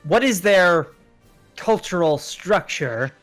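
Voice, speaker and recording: A man playing in a tabletop game, asking polite, measured questions. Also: high voice, expressive, fairly bright tone, soft background music. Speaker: player.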